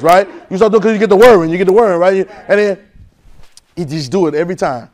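A man preaching a sermon in call-and-response, swinging from loud urging to soft, hushed lines. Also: high-pitched, expressive, fast talker. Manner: swings from loud exhortation to soft near-whispers.

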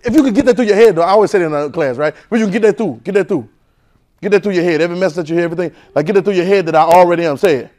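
A man preaching a sermon in call-and-response, swinging from loud urging to soft, hushed lines. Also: high voice, rapid-fire. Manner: swings from loud exhortation to soft near-whispers.

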